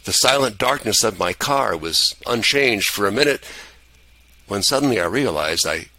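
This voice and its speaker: A man reciting a humorous rhyming story poem in a rhythmic, expressive way. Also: on the low side, normal speed, dry recording, rough recording. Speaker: poem reader.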